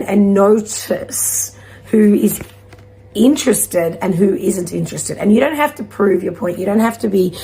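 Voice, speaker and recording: Gravelly-voiced woman giving a card reading. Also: medium pitch, a little hiss or hum. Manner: gentle, encouraging, rambling with sudden shouts. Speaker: intuitive card reader. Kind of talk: spiritual oracle card reading.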